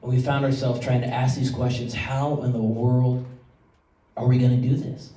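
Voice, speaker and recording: A man's voice: medium pitch, level tone, moderate pace, warm tone. A man, a pastor, preaching a sermon in a conversational storytelling way. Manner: conversational storytelling, choked up at times. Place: church sanctuary. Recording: echoey church hall from far off.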